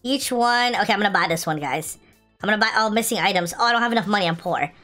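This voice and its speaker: Light music plays as a young adult gaming video host chats through her game, her medium-pitched voice moving quickly. Excitable and pleading, she begs the game for good loot, complains, and then bursts into joyful shouts.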